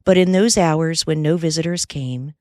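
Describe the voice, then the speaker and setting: A woman reading a classic novel as an audiobook narrator, with measured, unhurried storytelling. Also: deep voice, dark tone, dry recording, clean studio sound.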